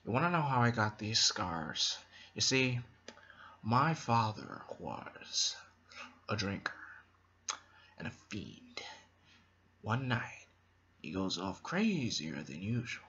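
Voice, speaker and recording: A man doing the Joker, hushed and raspy. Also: very animated, takes it slowly, pauses often, muffled recording, heavily acted. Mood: menacing. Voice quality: low raspy half-whisper. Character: menacing scarred male criminal clown, unhinged.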